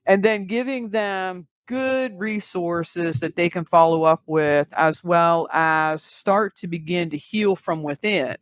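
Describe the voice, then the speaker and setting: Dry-sounding woman explaining grief calmly. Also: lowish voice, no echo. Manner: measured, uses vivid examples. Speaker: grief recovery specialist, guest. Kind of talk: explanatory interview talk.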